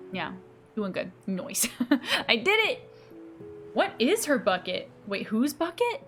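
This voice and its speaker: A woman's voice: medium pitch, fairly bright tone. A woman streamer chatting casually and bubbly with her viewers, laughing often and teasing herself. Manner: bubbly, giggly, self-teasing, reacting to chat. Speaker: game streamer.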